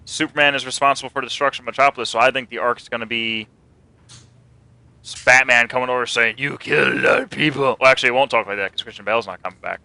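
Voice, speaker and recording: A man's voice: mid-range voice, steady tone, quick pace, sharp tone, clear, resonant tone, dry recording, poor audio. A man co-hosting a casual comic and movie news show, rambling, joking and swearing. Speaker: podcast co-host.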